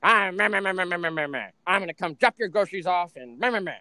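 A man voicing his fretful, scolding middle-aged mother in a shrill, raised voice. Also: animated, fast talker, sharp tone, no room sound, clean studio sound, full character voice.

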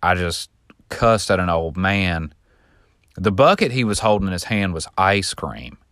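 This podcast host is a young man whose voice sits very deep and low, and he addresses listeners in a relaxed, unhurried way. His long personal anecdote meanders, though he becomes animated reenacting lines that were shouted. There's barely any reverb, and the sound is close and dry.

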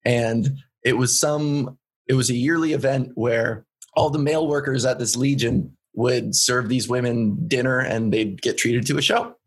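A man's voice: medium pitch, normal speed, breathy edge. A young man from Canada, a comedian guest telling a story in casual chat, laid-back and laughing often.

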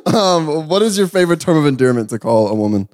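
A man's voice: fairly high pitch, very animated, fast talker, a little mellow. A young man co-hosting a podcast, chatting casually with crude jokes and mock voices. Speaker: podcast co-host. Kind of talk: casual chat.

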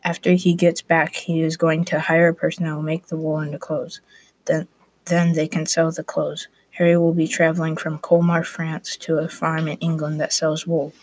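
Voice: mid-range voice, completely flat delivery, moderate pace, breathy edge, dry recording. A student narrating a class story aloud, reading plainly with small restarts.

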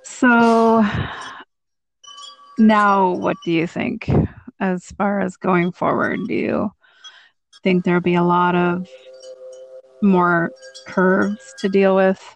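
A woman hosting a podcast, chatting with a friend and encouraging her with warm agreement. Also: medium pitch, fairly even intonation, slow, creaky, pauses often, soft background music, rough recording. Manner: supportive, affirming interviewer. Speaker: podcast host. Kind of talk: casual chat.

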